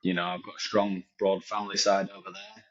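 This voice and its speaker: A man's voice: deep voice, flat delivery, fairly quick, a bit bright, dull audio. A man doing a bragging fake French footballer. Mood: boastful. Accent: put-on French accent slipping into Yorkshire. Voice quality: pompous, crude, self-satisfied bragging. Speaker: podcast co-host doing an impression.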